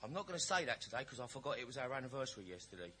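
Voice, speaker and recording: A man's voice: medium pitch, very animated, rapid-fire, noisy background. A man giving a personal share at a recovery meeting, telling his story in a chatty, blunt, jokey way.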